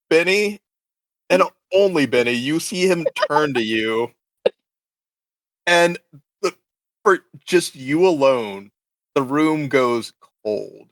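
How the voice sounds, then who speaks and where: A man running a tabletop game as game master, narrating slowly and dramatically, close and dry. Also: fairly high pitch, dry recording, poor audio.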